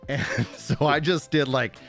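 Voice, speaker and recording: A man's voice: on the high side, fairly even intonation, slow, fairly bright tone, faint music behind. A man in his thirties hosting a livestream, talking casually, rambling with lots of fillers and frequent laughs. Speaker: livestream host. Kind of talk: casual chat.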